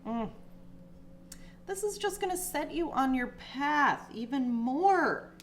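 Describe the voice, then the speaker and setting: With an expressive, slow voice and slight background noise, a woman does a casual spiritual tarot reading. She chats with plenty of fillers, gets emotional and sometimes teary, and her pitch rises.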